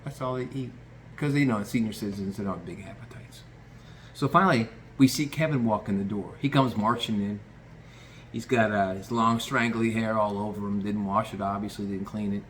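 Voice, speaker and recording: A man's voice: on the low side, fairly quick, slight background noise. A man telling a true story in a loose, rambling way, swearing casually and restarting his sentences.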